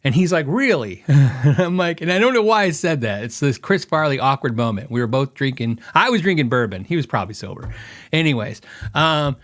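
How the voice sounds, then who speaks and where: A man's voice: medium pitch, expressive, a little fast, fairly bright tone. A middle-aged man hosting a podcast, giving his opinions in a rambling, casual way and thinking aloud with fillers. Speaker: podcast host.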